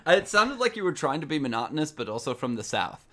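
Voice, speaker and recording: A man's voice: a little high, sing-song, fast talker, fairly bright tone. A young man co-hosting a comedy podcast, rambling and giggly with frequent restarts. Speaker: podcast co-host. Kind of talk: casual comedic chat.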